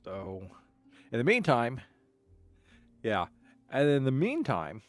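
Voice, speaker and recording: A man's voice: medium pitch, huge pitch swings, takes it slowly, dry recording. A man streaming a game, telling a long story casually, with frequent restarts and stammered repeats. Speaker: gaming streamer.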